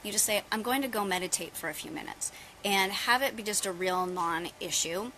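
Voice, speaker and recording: A woman's voice: mid-range voice, brisk, a little hiss or hum, poor audio. Chatty woman yoga teacher outdoors. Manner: chatty, relaxed, addresses viewers as "you guys". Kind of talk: casual live-stream yoga talk. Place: outdoors on holiday.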